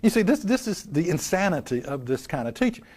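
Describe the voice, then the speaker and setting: A man's voice: a little high, very animated, a little fast, a little mellow, slightly rough. A man preaching a live sermon, emphatic, asking rhetorical questions and repeating key lines. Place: live church service.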